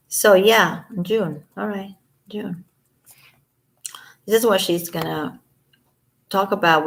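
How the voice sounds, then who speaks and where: Low gravelly woman, sarcastic vlogger. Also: a little hiss or hum. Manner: sarcastic, scoffing asides. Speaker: commentary vlogger. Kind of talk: casual commentary reading court statements aloud.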